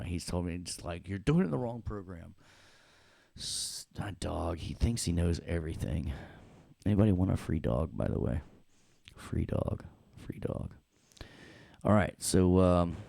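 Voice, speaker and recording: Playful deep-voiced male audio instructor. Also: creaky, warm tone, no room sound, studio quality. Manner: playful, jokey, talks to the class. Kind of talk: live classroom software tutorial.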